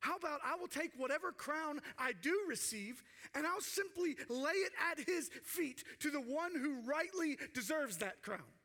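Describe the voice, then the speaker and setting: A man preaching a sermon with passion, acting out quoted cries and dropping to hushed tones for emphasis. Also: extremely high pitch, lively intonation, moderate pace, hardly any pauses. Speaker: pastor.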